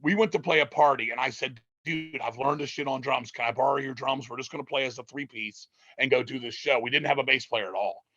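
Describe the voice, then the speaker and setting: Profane, rambling man with a bright voice. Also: mid-range voice, fast, few pauses, no room sound, dull audio. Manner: profane, rambling, animated storytelling. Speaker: interviewee, metal musician. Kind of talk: casual storytelling interview.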